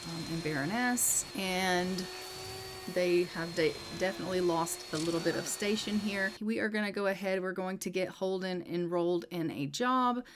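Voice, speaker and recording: A woman's voice: fairly low pitch, moderate pace, noisy background. A woman casually narrating her life-sim gameplay as host, chatty and full of "you know" and "um".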